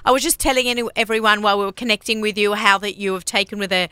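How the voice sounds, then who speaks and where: A chatty woman radio host with a bright, forceful voice, bubbly and quick to laugh. Her voice sits close and dry, with no room around it. She runs a casual on-air interview. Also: medium pitch, fairly even intonation, clear, resonant tone, no room sound.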